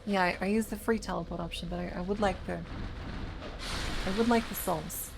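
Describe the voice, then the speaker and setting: A woman's voice: on the low side, fairly even intonation, a little fast, vocal fry, noisy background. A woman streaming a video game live, chatting and reacting as she plays, often stammering and repeating words, her voice slightly strained. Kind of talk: casual live gameplay commentary.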